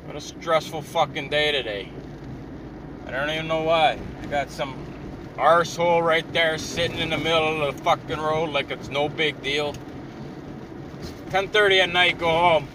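A man's voice: on the high side, fairly even intonation, moderate pace. Sweary, frustrated man ranting from his car. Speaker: vlogger. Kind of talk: profane ranting monologue. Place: inside a car, driving. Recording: distant mic with clear car road noise.

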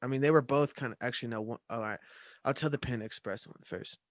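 A man's voice: mid-range voice, quick pace, no room sound, clean studio sound. A young man telling rambling, profane stories in casual chat with a friend, laughing often. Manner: loose, profane, laughing storyteller.

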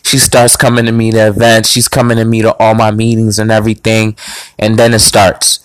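A man's voice: lowish voice, monotone, a little fast, smooth, dry recording, low-quality recording. Cocky foul-mouthed dude telling his story on a podcast, dry close mic. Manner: blunt, crude, boastful street talk. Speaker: podcast host. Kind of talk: casual storytelling monologue.

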